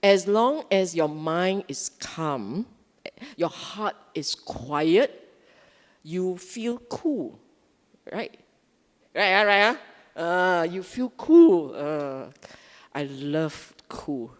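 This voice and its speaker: A woman with a Singaporean English accent giving a Buddhist dharma talk, animated and often asking her audience questions. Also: fairly low pitch, drawn-out words, in a large hall. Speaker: Dhamma speaker. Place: Buddhist centre hall.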